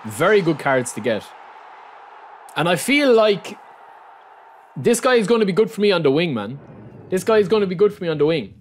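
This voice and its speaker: A man with an Irish accent giving live-streamed gaming commentary, excitable and repeating phrases while he talks to his viewers as lads. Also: high voice, normal speed, pauses often, a little hiss or hum. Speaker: gaming YouTuber opening card packs.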